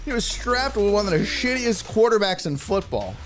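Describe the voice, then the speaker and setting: A man's voice: high voice, very animated, normal speed, music in the background. A man hosting a live-streamed sports talk show, ranting with lots of profanity and answering viewer chat.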